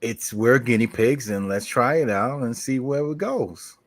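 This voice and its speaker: Wisecracking New co-host. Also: male voice, medium pitch, unhurried, no echo. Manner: wisecracking, laid-back, swears. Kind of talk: casual chat.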